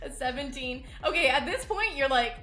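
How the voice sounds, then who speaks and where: A woman's voice: high voice, expressive, moderate pace. A young woman narrating as game master of a tabletop game, playful and giggly as she describes events. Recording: roomy echo, faint noise.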